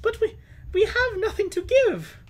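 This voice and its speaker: Frightened mother pleading for her kids, put on by a man in a strained high falsetto. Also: big pitch swings, a little slow, exaggerated voice.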